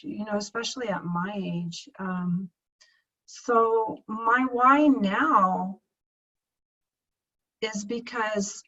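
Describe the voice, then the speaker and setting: Captured on a muffled screen-share video recording, a woman in her fifties speaks to her team in a mid-range voice. Her coaching talk is heartfelt and earnest; she sounds close to crying and says things more than once.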